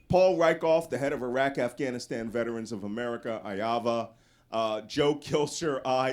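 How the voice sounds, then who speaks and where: A man giving a casual, anecdotal talk as a guest speaker to a live audience, often raising his voice to act out the people in his stories. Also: medium pitch. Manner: animated storyteller, voices quoted people loudly.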